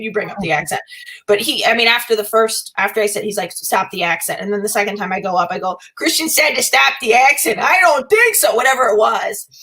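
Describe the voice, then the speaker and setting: A woman's voice: fairly high pitch, pushed and bright, poor audio. A young woman, a podcast guest, chatting casually, rambling and laughing often as she talks in circles.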